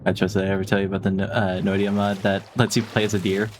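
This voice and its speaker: A man's voice: low-pitched, little pitch movement, fast talker, a little hiss or hum. A man streaming a game live, chatting casually in a playful, jokey, self-deprecating way and laughing often.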